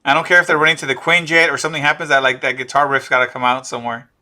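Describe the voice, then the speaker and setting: A man chatting on a podcast in an animated, excitable way. His voice is very bright and forceful, and it pushes up when he gets worked up about an idea. He sounds like a fan spinning theories with his friends. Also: medium pitch, racing. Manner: animated, excitable, riffs on ideas and laughs. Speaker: podcast co-host. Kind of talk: casual pop-culture chat.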